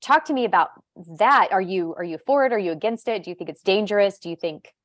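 A woman hosting a podcast interview, curious and asking quick follow-up questions. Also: medium pitch, animated, no room sound, clean studio sound. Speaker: podcast host.

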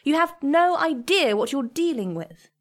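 A tall, broad-shouldered man, as a woman narrator puts him on shouts loud, accusing lines at a rival in this storybook scene. The voice stays fairly high but forceful. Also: big pitch swings, measured pace. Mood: angry.

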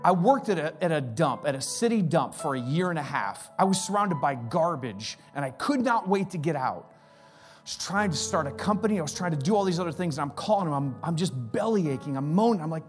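A man in his forties preaching a sermon as pastor, energetic and acting out the voices he quotes. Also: on the high side, brisk, soft background music.

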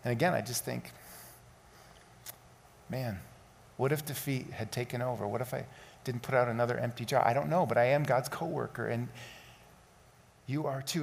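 A man's voice: mid-range voice, normal speed, vocal fry, long pauses, slight background noise. A middle-aged male pastor preaching a sermon, telling a personal story and building to impassioned appeals. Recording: long hall reverb.

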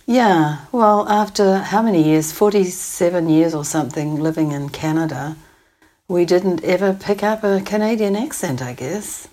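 A woman's voice: on the low side, moderate pace, a little mellow. A woman in her sixties with a New Zealand accent, a thoughtful, hesitant interview guest who laughs often. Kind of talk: casual conversation.

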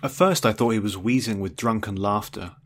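A man's voice: lowish voice, brisk, slight background noise. A man narrating a first-person story in a wry, dry, understated way.

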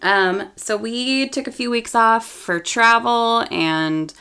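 Gravelly-voiced chatty woman podcaster. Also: a little high, slow pace, sharp tone. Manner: chatty, laughs often, trailing asides. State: slightly sick voice. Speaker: podcast co-host. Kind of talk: casual chat.

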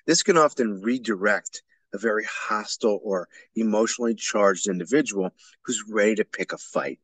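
Guy with a lowish voice doing a solo teacher podcast, earnest and explainy, dry sound. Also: moderate pace, fairly bright tone, husky, dry recording. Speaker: podcast host. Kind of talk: solo educational podcast talk.

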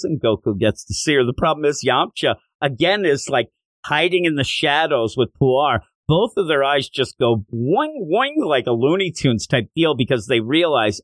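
A man hosting a podcast, recapping a manga chapter and acting out the characters' lines in animated storytelling. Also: medium pitch, normal speed, no room sound, clean studio sound. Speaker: podcast host.

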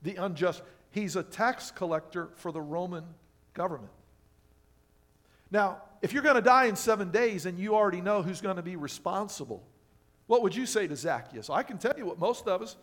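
In a church sanctuary, a male pastor delivers a sermon in a high-pitched, animated voice at a moderate pace. He poses rhetorical questions to the congregation and moves between loud emphasis and quiet asides.

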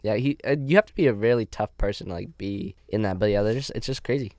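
A man's voice: fairly low pitch, fast talker, darkish tone, dry recording. A young Canadian man with a Canadian accent, co-hosting a podcast and telling stories in a loose, rambling way full of fillers. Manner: rambling, filler-heavy storytelling. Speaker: podcast co-host. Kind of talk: casual chat.

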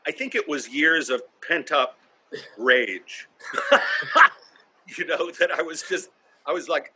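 Husky-voiced man comedian telling stories. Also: on the high side, takes it slowly, long pauses. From North Carolina, US. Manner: lively, blunt, swears freely. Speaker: stand-up comedian guest. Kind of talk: casual storytelling interview.

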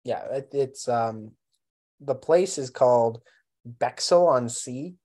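A man co-hosting a podcast, chatting casually about a film in a relaxed, anecdotal way. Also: mid-range voice, takes it slowly. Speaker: podcast co-host.

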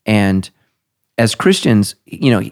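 A man's voice: on the low side, sing-song, slow. A middle-aged man, a pastor hosting a podcast, talking casually and emphatically, his voice jumping up to stress points.

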